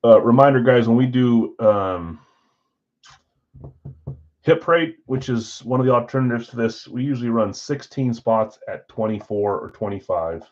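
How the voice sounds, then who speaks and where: A man hosts a live stream card break in a relaxed, chatty way, thinking aloud as he works and brightening for each countdown. His voice sits at an ordinary middle pitch. The stream audio is slightly dull and lo-fi. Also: normal speed.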